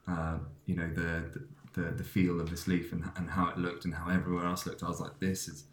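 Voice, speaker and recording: Deep-voiced man rambling in a roomy echo. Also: monotone, quick pace. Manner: rambling, many restarts and fillers. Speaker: podcast host. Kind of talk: casual chat, telling a dream.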